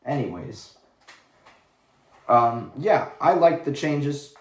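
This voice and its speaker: A man's voice: medium pitch, lively intonation, takes it slowly. A man giving a casual livestream rant in a blunt, profane, rambling way. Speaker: vlogger. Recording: roomy echo.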